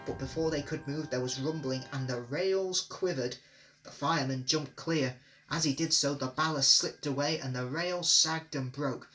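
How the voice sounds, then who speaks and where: A man reading children's railway stories aloud in a clear, measured way. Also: fairly high pitch, a bit bright, soft background music. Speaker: storybook reader. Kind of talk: storybook narration.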